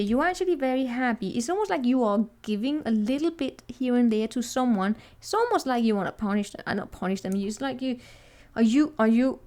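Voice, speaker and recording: A woman's voice: a little high, warm tone. A woman giving a casual, chatty tarot reading to viewers, teasing and laughing as she talks, often restarting her sentences. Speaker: tarot reader.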